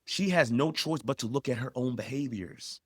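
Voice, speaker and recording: A man's voice: mid-range voice, normal speed, breathy edge, no room sound, clean studio sound. A man co-hosting a podcast, giving emphatic, repetitive advice that rises sharply when he stresses a point. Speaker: podcast co-host.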